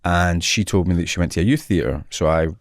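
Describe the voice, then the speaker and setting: A man's voice: low voice, fairly quick, no room sound, clean studio sound. A Scottish man in his forties, a guest telling stories in a casual interview and often laughing. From Scotland. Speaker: actor, guest.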